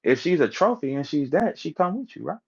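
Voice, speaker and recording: A man's voice, on the high side, brisk, creaky and slightly rough, comes through a dull lo-fi audio stream from an online audio room. He's in a heated, profane rant, telling lively stories and acting out others' voices.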